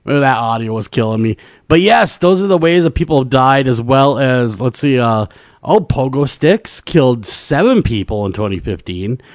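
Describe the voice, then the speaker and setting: A man's voice: medium pitch, animated, moderate pace, no echo. A man hosting a late-night radio talk show, his voice swinging up and down with energy as he jokes and rambles. The sound is close and dry, with no room around it, picked up on a studio mic. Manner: joking, rambling, laughs easily. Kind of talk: casual radio banter.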